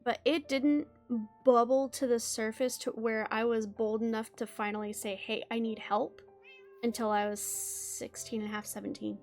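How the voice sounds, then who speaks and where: A woman co-hosting a podcast, speaking in an animated, emphatic way in candid casual chat. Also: on the high side, normal speed, soft background music. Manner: animated and emphatic, laughs easily. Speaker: podcast co-host.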